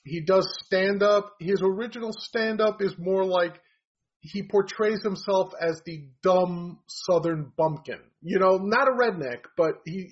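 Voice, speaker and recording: A man's voice: sits high, breathy edge. A man giving blunt, rambling opinions in a casual chat about comedians. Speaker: comedy commentator. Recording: dull lo-fi audio.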